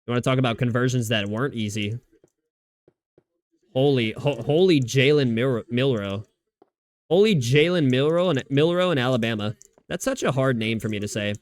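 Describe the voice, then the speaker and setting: A man's voice: medium pitch, animated, moderate pace. A man streaming live, chatting casually and rambling about football, often restarting his sentences and swearing freely. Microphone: desk microphone.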